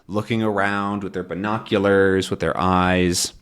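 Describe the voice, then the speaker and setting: A man's voice: deep voice, flat delivery, measured pace, fairly bright tone, clean tone. A young man teaching English, explaining a comic story in simple words with plenty of fillers.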